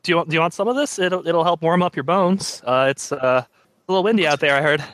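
A man's voice: a little high, fast talker, a bit bright, no room sound, pitched above the performer's own voice, natural voice. A man voicing a sheepish eighteen-year-old son in a tabletop role-play, awkward, evasive and overly friendly.

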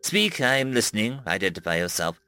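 A man puts on a throaty, croaking alien predator in an audiobook, icily courteous and menacing, the voice rising and falling in lively swings over faint music. Every polite word sounds cold and formal. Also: on the low side, a little fast, no room sound. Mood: commanding. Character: throaty menacing alien chief hunter, male, coldly polite.

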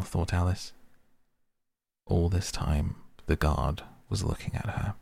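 A man reading a storybook aloud in a calm, even manner. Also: sits low, slow pace, vocal fry, pauses often, no echo. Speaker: narrator. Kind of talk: audiobook reading.

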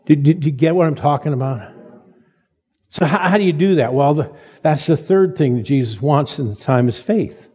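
Older pastor in his 70s, husky mellow voice, stumbles and repeats himself, long church echo. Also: fairly high pitch, animated. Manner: halting, repeats words, folksy and joking. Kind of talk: sermon. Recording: long reverb of a large hall.

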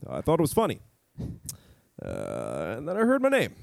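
A man doing a halting impression of a famous male politician who is pretending to be hurt. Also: mid-range voice, wildly swooping pitch, creaky, dry recording, studio quality. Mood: mock-hurt.

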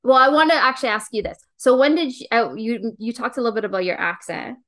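A woman's voice: fairly high pitch, fast talker, fairly bright tone. Enthusiastic woman hosting a podcast. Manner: enthusiastic, gushing, chatty. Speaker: podcast host. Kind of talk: casual podcast interview.

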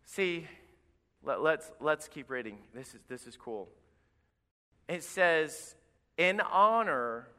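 A man preaching a sermon as pastor, lively and acting out the people he quotes. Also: a little high. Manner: animated, acts out quoted voices. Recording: live in a reverberant church.

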